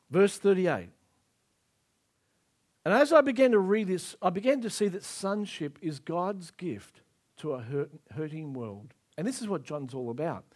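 A man preaching a sermon in a fairly high voice that rises and falls a great deal. He speaks emphatically and acts out the scripture scenes as he goes. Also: a little mellow.

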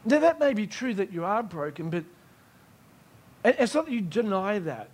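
A male preacher with a strikingly high voice delivers his sermon emphatically. He circles back on key lines and keeps checking that the room is following him. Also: sing-song, moderate pace. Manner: emphatic, repeats key phrases, checks in with listeners.

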